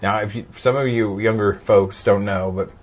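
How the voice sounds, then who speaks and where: A man's voice: on the low side, normal speed, husky, dull audio. A man co-hosting a casual podcast, making cheeky, bawdy jokes and reading sponsor spots. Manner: cheeky, bawdy, deadpan asides. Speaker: podcast co-host. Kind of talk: casual banter.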